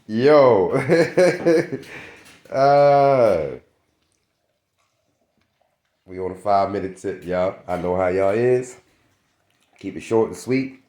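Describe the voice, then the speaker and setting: Deep-voiced laid-back man, roomy sound. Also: animated, very slow. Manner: laid-back slangy chat, keeps asking "you understand me". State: just woken up, groggy. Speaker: dog owner vlogger. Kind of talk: casual vlog talk to camera.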